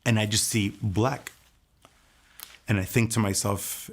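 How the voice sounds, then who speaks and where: A man telling his personal testimony in an earnest, soft-spoken way. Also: on the low side, fairly even intonation, a little slow. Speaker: testimony speaker.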